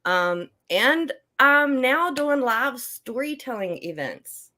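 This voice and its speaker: A woman's voice: sits high, very animated, slow pace, pushed and bright. Chatty older woman author, laughing. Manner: chatty, laughs often, many fillers and restarts. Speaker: author guest. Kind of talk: casual podcast interview.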